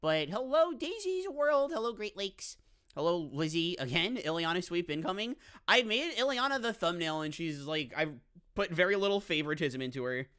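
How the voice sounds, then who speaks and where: A bubbly woman streamer chats casually with her viewers, her pitch swinging widely. She talks in a low, relaxed register, lively and chatty. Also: normal speed. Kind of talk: casual live-stream chat.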